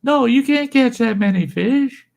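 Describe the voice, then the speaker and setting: A man's voice: very high-pitched, lively intonation, measured pace, gravelly, pitched above the performer's own voice, heavily acted. A man voicing a stern male camp superintendent who scolds a boy caught fishing alone. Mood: scolding.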